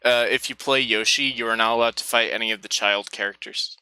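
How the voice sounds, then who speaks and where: Podcast co-host, male, very bright and crisp tone, dry close sound, quick with a joke. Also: medium pitch, steady tone, dry recording. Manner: joking, teasing. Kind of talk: casual group chat.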